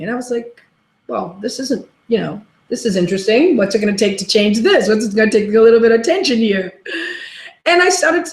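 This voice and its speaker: Chatty woman coach in an echoey room. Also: medium pitch. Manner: chatty storytelling, repeats key question. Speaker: webinar host and life coach. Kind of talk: motivational webinar talk.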